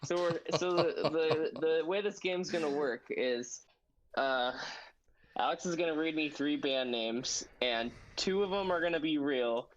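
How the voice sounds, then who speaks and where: A man's voice: a little high, unhurried, slight background noise, rough recording. Rambling man co-hosting a podcast. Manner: rambling, restarts sentences. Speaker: podcast co-host. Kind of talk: casual chat.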